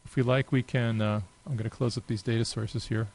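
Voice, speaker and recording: A man presenting a software demonstration, talking casually and unhurriedly with frequent filler pauses as he walks through the screen. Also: medium pitch, fairly even intonation, poor audio. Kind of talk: unscripted screen-share walkthrough.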